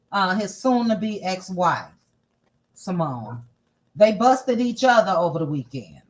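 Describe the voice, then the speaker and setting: A woman's voice: medium pitch, very animated, slow. A woman hosting a casual celebrity gossip livestream, chatty and sassy, thinking aloud as she scrolls through posts. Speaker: gossip channel host.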